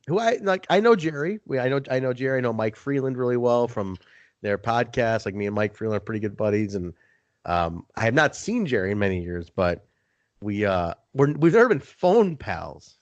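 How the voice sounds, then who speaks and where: A podcast host with a mid-range voice tells a story at a brisk pace in casual conversation, animatedly acting out other people's lines and swearing for effect. The recording has no room sound and the highs are cut off.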